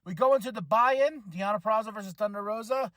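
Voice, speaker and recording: Excitable man recapping wrestling. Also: sits high, quick pace, no echo, clean studio sound. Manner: enthusiastic, animated, shouts in excitement. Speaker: podcast host.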